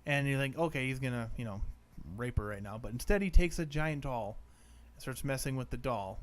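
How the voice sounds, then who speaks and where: A man's voice: medium pitch, lively intonation, normal speed. A man co-hosting a horror movie podcast, recapping the film in casual, rambling talk with frequent "like" and casual swearing. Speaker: podcast co-host. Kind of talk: casual movie review chat.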